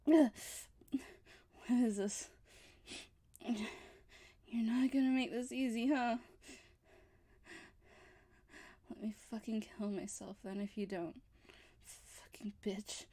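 A woman playing a sobbing, high-voiced bound captive. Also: lively intonation, moderate pace. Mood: weary bitter. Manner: sobbing pleas mixed with bitter laughing taunts. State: crying. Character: bound captive young woman, desperate and darkly mocking.

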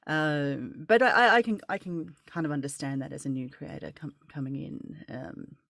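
A woman's voice: low-pitched, normal speed, creaky, fairly bright tone, no room sound, studio quality. A woman hosting a casual interview, chatty and rambling, with many restarts and laughs. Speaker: podcast host.

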